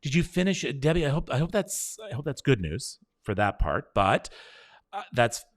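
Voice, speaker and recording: A middle-aged man hosting a live show, reassuring and encouraging viewers as he reads their comments and leads a slow breathing exercise. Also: medium pitch, very animated. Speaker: host.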